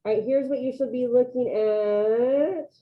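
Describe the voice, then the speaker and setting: A woman teaching a Spanish class over a video call, giving brisk step-by-step instructions and coaxing students to get the work done. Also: on the high side. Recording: tinny phone-like video call audio.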